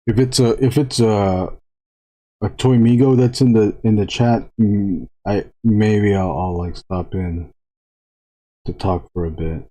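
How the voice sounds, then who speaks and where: A man chatting casually to viewers while drawing on a live stream, rambling with frequent halting restarts. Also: fairly low pitch, steady tone, mellow.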